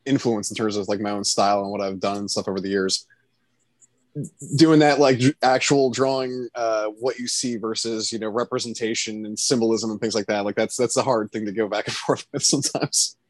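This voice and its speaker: A man's voice: fairly low pitch, fairly even intonation, a little fast, dry recording. A man hosting a podcast, chatting casually and hesitantly, with many fillers. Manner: friendly, hesitant, filler-heavy. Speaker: podcast host. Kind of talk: casual interview chat.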